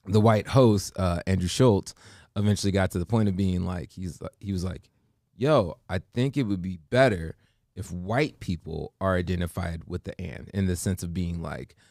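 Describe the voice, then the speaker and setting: An American man hosts a morning show, chatting casually in an animated way, acting out what other people said and restarting often. His low-pitched voice has vocal fry and a moderate pace. The studio sound is clean, with no room sound.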